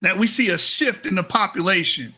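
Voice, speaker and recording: A man's voice: high voice, brisk, sharp tone. A man giving heated reaction commentary, mocking and profane as he corrects someone's reading of a paper.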